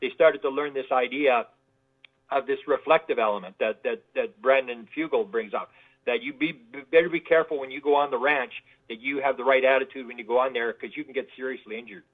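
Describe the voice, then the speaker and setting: A guest researcher being interviewed tells stories in a loose, rambling way, repeating words often and acting out the voices of people he quotes. His voice sits at a medium pitch with a steady tone, and he talks a little quickly. The audio comes through a tinny phone line.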